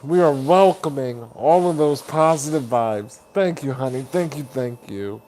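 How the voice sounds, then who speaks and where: A man hosts a live stream at an unhurried pace, reading viewer comments aloud and greeting each person as buddy or honey. He laughs often. His voice sits at an ordinary middle pitch over a faint hiss of background noise. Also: mellow. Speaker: livestream host.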